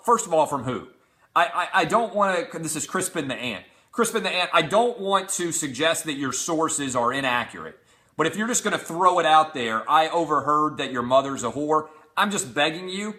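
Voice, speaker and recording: A middle-aged man hosting a talk show, with a bright, forceful voice pitched slightly high. He reads out insulting messages and answers each one with sarcastic, profane mockery. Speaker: host. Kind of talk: reading out hate tweets.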